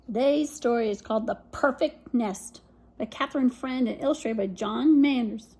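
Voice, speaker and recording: A woman reading a children's picture book aloud, expressive, with dramatic pauses and whispered asides. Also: a little high, slight background noise. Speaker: story reader.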